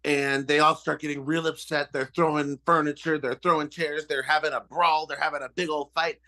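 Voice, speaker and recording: A man's voice: fairly high pitch, level tone, fairly quick, pushed and bright. A man improv performer telling a comedy bit that escalates line by line.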